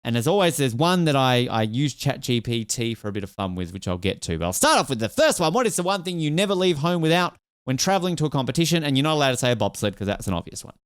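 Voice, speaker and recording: Man, podcast host, chatty, joking, rambling, smooth clear voice, dry sound. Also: medium pitch, sing-song, fast talker, hardly any pauses, no room sound. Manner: chatty and joking, rambling questions with many fillers. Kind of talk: casual interview chat.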